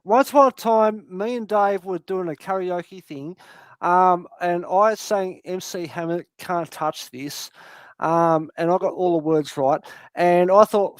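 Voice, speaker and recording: A man's voice: high-pitched, a little slow, no echo. An Australian man telling long rambling stories in casual group chat, swearing constantly.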